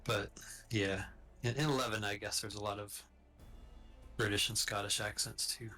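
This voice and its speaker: A man in casual chat on a stream with a bright, forceful tone and a lowish pitch. He hesitates and restarts his sentences. Faint music plays under him. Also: flat delivery, normal speed. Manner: hesitant, self-correcting. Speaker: co-player on a stream.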